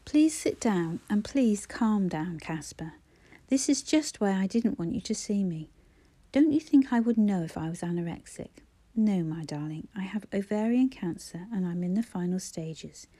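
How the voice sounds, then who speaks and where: A woman reading a frail, dying woman, soft. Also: medium pitch, animated, normal speed, no room sound, lightly acted. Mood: calm. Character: frail dying woman, tender and calmly resigned.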